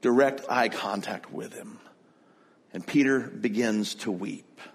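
A man's voice: lowish voice, takes it slowly, creaky, breathy edge. A man preaching a sermon, retelling a scripture story in a conversational, storytelling manner. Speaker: pastor.

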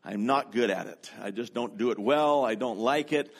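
A man's voice: mid-range voice, moderate pace, gravelly. A male pastor giving a sermon in a church, talking in a chatty, conversational way with self-deprecating humor, on a handheld microphone. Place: church sanctuary.

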